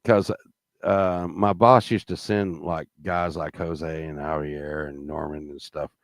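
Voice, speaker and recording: A man's voice: very deep voice, steady tone, takes it slowly, no echo, clean studio sound. A middle-aged man telling a rambling, profane anecdote with plenty of fillers and restarts, growing heated as the story goes on. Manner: grows heated and loud while telling the story. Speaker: storyteller guest.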